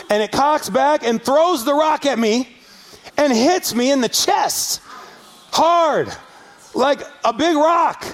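A middle-aged man from Los Angeles preaching a sermon as pastor, telling a story with animated rises and shouted peaks. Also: very high voice. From Los Angeles area, US.

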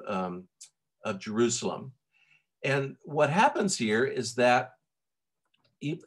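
Southern man preaching conversationally. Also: mid-range voice. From Tennessee. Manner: conversational, many fillers and restarts. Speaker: pastor. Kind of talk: sermon.

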